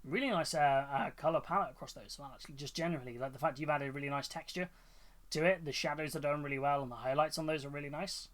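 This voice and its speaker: Male streamer, upbeat rambling chat, slightly high pitch. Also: quick pace, a bit bright. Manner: enthusiastic, rambling, many fillers and restarts. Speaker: livestream host. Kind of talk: casual chat reacting to viewers' miniatures.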